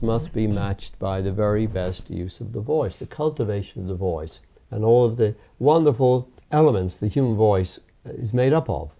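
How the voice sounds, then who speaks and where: A man who teaches hypnotherapy, explaining its methods in a measured, emphatic interview. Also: fairly low pitch, warm tone.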